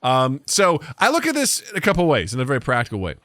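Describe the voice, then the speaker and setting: A man co-hosting a comedy podcast, his bright voice swinging widely in pitch as he spins a silly tale. He talks in an animated, playful way. The sound is dry and close to the mic. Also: fast, no room sound. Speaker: podcast co-host. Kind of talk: casual comedic chat.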